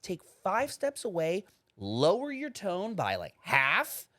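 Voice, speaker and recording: A man co-hosting a podcast, ranting in casual chat, profane and animated as he acts out other people. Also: high-pitched, slow, no echo. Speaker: podcast co-host.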